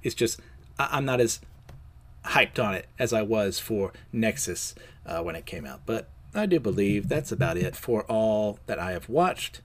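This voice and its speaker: On a casual, unedited comics review show, a male host recounts a comic in loose, rambling chat full of fillers and self-mocking laughs. His voice sits fairly low and is expressive, moving at a normal speed.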